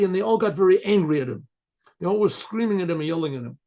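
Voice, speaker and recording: An older man, a rabbi, telling a story to listeners, often clearing his throat and acting out the voices of the people in it. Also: high-pitched, expressive, fast, dark tone. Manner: frequent throat clearing, acts out quoted voices. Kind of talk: storytelling talk.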